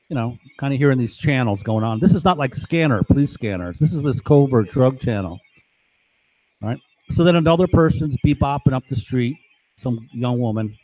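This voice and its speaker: A man's voice: medium pitch, a little mellow, no room sound. A middle-aged man from New York, rambling through a long monologue, often tossing in "right?" and "you know?". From New York, United States. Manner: meandering, keeps asking "right?" and "you know?"; acts out overheard voices in his story.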